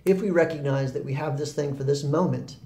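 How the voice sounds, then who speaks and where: A man giving a reflective spoken talk on happiness, relaxed and rambling, with fillers and restarts. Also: fairly high pitch, brisk, reverberant, slight background noise. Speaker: spiritual talk host.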